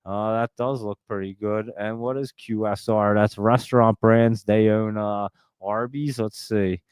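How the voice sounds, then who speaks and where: A man hosting a live stock-market stream, talking very fast in a chatty, rambling way and laughing often. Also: on the low side, steady tone, a little mellow, clean tone, dry recording. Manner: talks extremely fast and nonstop. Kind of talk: casual live-stream chat.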